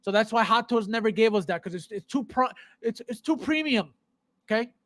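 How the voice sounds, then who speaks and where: His high, expressive voice is brisk and a bit bright, recorded dry. Chatting live with viewers on his collector's show, this podcast host rants heatedly and sarcastically, repeating himself in exasperation.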